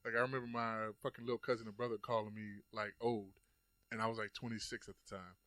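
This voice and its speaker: A man's voice: lowish voice, little pitch movement, quick pace, fairly bright tone, dry recording. A man in his thirties chatting casually on a podcast, telling loose stories full of swearing and "like" fillers. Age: 30s. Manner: loose, profane storytelling with many "like" fillers. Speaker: podcast host.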